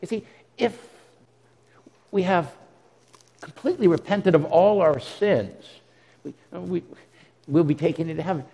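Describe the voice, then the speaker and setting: A man's voice: fairly high pitch, a little slow, gravelly, long pauses, dark tone. A man preaching a sermon in an earnest way, often repeating words as he restarts. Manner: earnest, repeats words when restarting, dramatic quoted asides. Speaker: pastor. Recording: long hall reverb.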